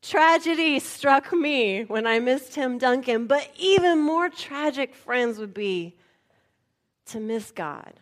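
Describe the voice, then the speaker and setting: A woman pastor giving a sermon, telling a personal story in an animated, playful way. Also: sits high, slow pace.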